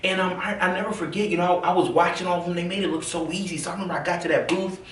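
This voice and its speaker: Man from the south, quick casual storytelling, echoey room, mic some distance off. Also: high voice, slight background noise. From American South. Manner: animated, acts out quoted voices, many fillers. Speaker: realtor telling his story. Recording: roomy, from a distance.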